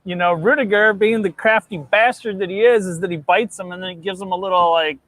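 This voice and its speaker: Bright-voiced, heated American man. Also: sits high, fairly quick. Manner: heated, profane, talks through his reasoning. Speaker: co-host. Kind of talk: casual football chat.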